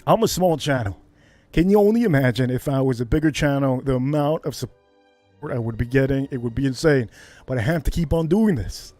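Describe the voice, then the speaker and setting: A man's voice: medium pitch, expressive, a little fast, no echo, soft background music. A man hosting a casual livestream, thanking viewers for super chats in a hyped, repetitive way. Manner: hyped, repetitive, shouts catchphrases. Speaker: livestream host.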